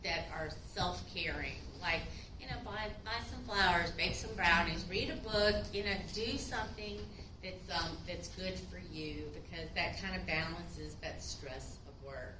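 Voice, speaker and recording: A woman's voice: lowish voice, a little slow, roomy sound, far from the mic, noisy background. A woman instructor giving a casual classroom lecture, chatty and acting out short quotes.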